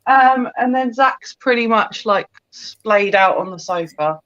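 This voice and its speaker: A woman hosting a casual chat over a video call, animated and laughing often as she tells stories. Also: fairly high pitch, unhurried, dry recording, highs cut off. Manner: giggly, animated storyteller. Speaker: host.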